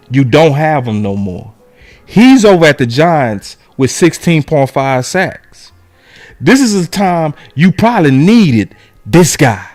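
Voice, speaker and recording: Animated man breaking down game film. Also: a little high, no room sound. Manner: animated, shouts key words, talks to his audience. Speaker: sports show host. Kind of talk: casual sports film breakdown.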